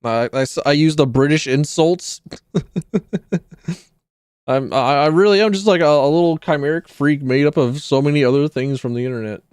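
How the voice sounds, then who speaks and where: A man's voice: on the high side, normal speed, darkish tone, clean tone, no room sound, clean studio sound. A man streaming a video game live, chatting casually with viewers, joking, swearing freely and reading in-game documents aloud.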